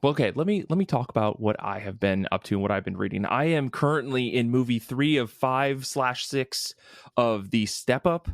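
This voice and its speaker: A young man co-hosting a podcast in casual chat, rambling with lots of restarts and getting louder and higher when excited. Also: moderate pace, no room sound, studio quality. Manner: rambling with frequent restarts and fillers. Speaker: podcast co-host.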